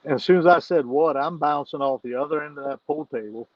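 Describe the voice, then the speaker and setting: As a podcast guest, a man tells a rowdy story casually, laughing often and cursing freely. His voice is on the high side and fast, on a dry, dull-sounding recording.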